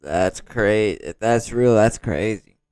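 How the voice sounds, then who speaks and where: A man's voice: on the low side, animated, measured pace, a little mellow, clear, resonant tone. A man hosting a reaction video, commenting casually in street slang. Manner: casual, street slang, asks questions aloud.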